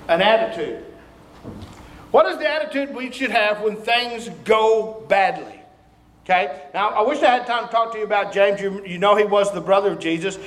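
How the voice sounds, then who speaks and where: A man preaching a sermon as a visiting preacher, emphatic and breaking into shouts. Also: high-pitched. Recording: echoey room.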